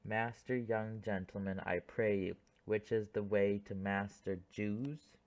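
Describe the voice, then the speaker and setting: A man's voice: on the low side, fairly even intonation, takes it slowly. A man voicing a plodding, half-blind old father who asks the way, in an audiobook play reading. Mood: questioning.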